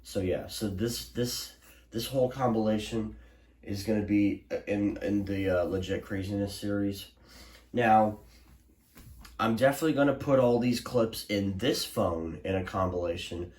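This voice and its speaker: Low-voiced young man rambling in an echoey room. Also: a little slow, a little mellow. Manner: rambling, many restarts and fillers. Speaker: weather alert vlogger. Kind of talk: casual recap to camera. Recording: roomy echo.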